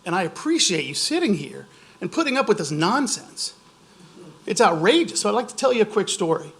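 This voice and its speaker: Impassioned high-voiced man at a meeting. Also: big pitch swings, a little fast, vocal fry, a bit bright. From Louisiana. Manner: impassioned, storytelling, laughing at times. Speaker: public commenter. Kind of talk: public comment at a board meeting. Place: public meeting room.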